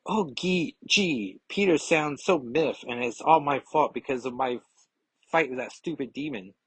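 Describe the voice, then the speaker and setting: A man voicing a fretful, guilty teenage girl in a higher, flustered, whiny voice. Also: moderate pace, fairly bright tone, breathy edge.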